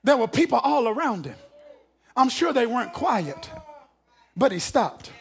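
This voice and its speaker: Male preacher, very high voice, animated shouting sermon with call-and-response. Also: measured pace, vocal fry, a little hiss or hum.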